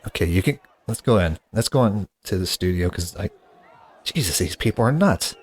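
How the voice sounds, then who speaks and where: Male comedy podcast host, exasperated and casual, fairly low voice. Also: expressive, moderate pace, breathy edge. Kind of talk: comedy sketch.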